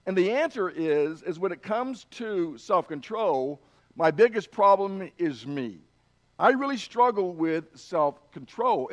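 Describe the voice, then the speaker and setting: A male pastor giving a sermon in a conversational way, with fillers and restarts. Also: sits high.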